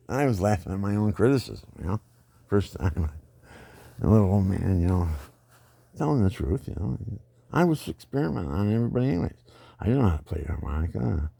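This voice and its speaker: A man's voice: low-pitched, big pitch swings, moderate pace, vocal fry, long pauses, mellow, slightly rough, no room sound. An older man telling rambling personal stories in a digressive way, often laughing at his own anecdotes.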